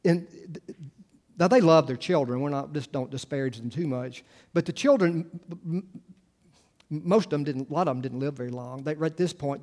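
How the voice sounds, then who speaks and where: A man's voice: on the high side, darkish tone. Man preaching a rambling, conversational sermon. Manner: conversational, full of restarts and asides. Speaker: pastor.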